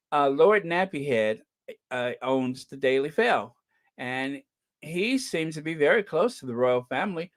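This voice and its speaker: Sarcastic, gossipy male livestream host. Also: mid-range voice. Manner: sarcastic, gossipy, animated, laughs often. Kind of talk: casual livestream commentary.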